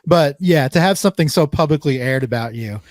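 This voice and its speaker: A man's voice: on the high side, lively intonation, no echo. A man co-hosting a sports podcast, teasing and bantering in casual chat. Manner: teasing, quick to agree and banter. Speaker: podcast co-host.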